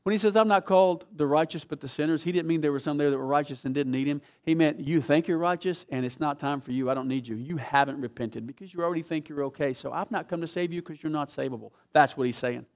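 A male pastor preaching a sermon in a church, swinging from quiet asides to loud, emphatic scripture reading. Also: on the high side, fast talker, hardly any pauses.

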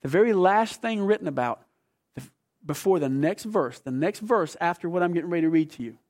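A man preaching a sermon, emphatic, asking the congregation questions and swinging between loud bursts and quiet stretches. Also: fairly high pitch.

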